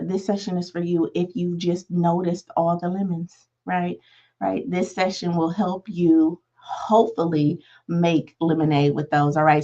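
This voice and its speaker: A woman's voice: on the low side, a little mellow. A woman giving a motivational life-coaching talk in a conversational way, often checking in with "right?". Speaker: life coach, podcast host. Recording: dull lo-fi sound.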